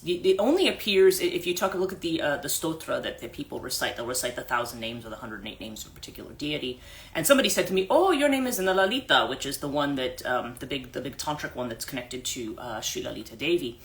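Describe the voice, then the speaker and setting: A woman's voice: extremely low pitch, sharp tone. A woman life coach hosting a livestream, telling a story casually with many restarts and asides, into a phone mic.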